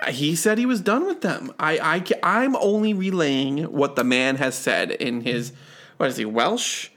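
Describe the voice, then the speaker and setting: Chatting about movies as a podcast co-host, a man speaks at a measured pace in a slightly high, fairly bright, animated voice. His talk rambles, with stammered restarts and plenty of fillers.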